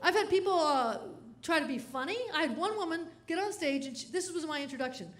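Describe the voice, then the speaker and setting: A woman comedian giving a keynote speech. She tells animated stories and laughs between lines. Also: high voice, normal speed.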